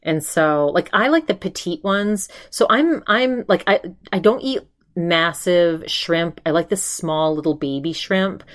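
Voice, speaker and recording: With a fairly low, expressive voice at a measured pace, a Maine woman hosting a podcast chats through an episode recap. She rambles along casually, packing in fillers and "he's like" retellings.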